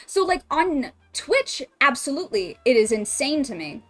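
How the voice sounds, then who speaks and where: A woman streaming at home, chatting casually, emotionally expressive and swearing often. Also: high voice. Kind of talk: casual livestream chat.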